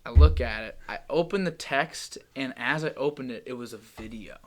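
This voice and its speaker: A young man hosting a casual podcast chat, animated and joking as he tells stories. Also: mid-range voice, moderate pace. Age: young adult. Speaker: podcast host.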